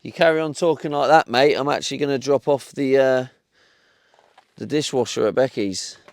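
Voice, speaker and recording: Male streamer, young, gravelly voice, dry close sound, banters and swears freely. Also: mid-range voice, moderate pace, no room sound. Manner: chatty, swears, talks back to chat. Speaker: live streamer. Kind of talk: casual live-stream chat. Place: inside his van.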